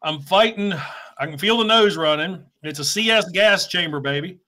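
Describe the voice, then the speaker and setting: A man's voice: high-pitched, moderate pace, sharp tone. A man on a casual video, groaning, swearing and complaining dramatically through a stuffed-up nose and watering eyes. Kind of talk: casual chat while eating spicy chips on camera.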